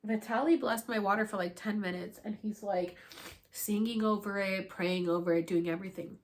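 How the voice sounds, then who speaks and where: A young woman vlogger tells a story to camera in a casual, animated way, speaking briskly at a medium pitch. She acts out what she once said, laughing, crying, and swearing casually along the way.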